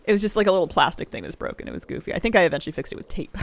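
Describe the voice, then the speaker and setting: A woman's voice: fairly low pitch, big pitch swings, very fast, creaky. A young woman streamer chatting casually with viewers, telling rambling stories with laughs.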